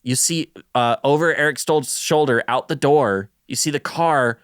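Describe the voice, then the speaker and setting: A man's voice: medium pitch, moderate pace, clear, resonant tone, no room sound, studio quality. A man co-hosting a casual film podcast, telling stories animatedly and acting out quotes. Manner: animated storyteller who acts out quotes. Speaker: podcast co-host. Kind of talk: casual film-discussion chat.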